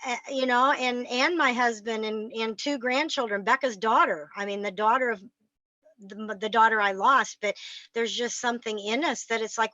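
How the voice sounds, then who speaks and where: Host, middle-aged woman, higher, bright voice, sympathetic, dull dry call audio. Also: no echo. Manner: sympathetic, short murmured responses. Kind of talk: conversation about grief.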